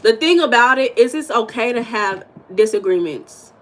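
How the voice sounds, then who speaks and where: A livestream host from the United States chats casually and reads viewer comments, blunt and animated, with bursts of emphasis and the odd curse. She speaks on the high side at a normal speed, captured in a low-quality recording.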